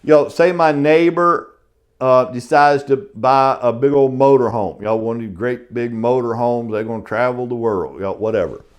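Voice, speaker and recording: A man's voice: mid-range voice, normal speed, clean tone. A middle-aged man, teaching a casual real estate lecture in a folksy way and saying "y'all" often. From South Carolina.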